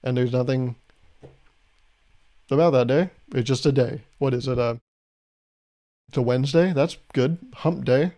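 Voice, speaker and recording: A man's voice: mid-range voice, unhurried, long pauses, dark tone. A young man hosting a solo podcast, talking in a loose, rambling, jokey way and chuckling at his own bits. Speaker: podcast host.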